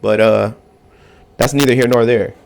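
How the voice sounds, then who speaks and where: A man's voice: mid-range voice, steady tone, normal speed, vocal fry, a little mellow. A man giving a casual reaction commentary, emphatic and repetitive, often tagging his points with "okay?".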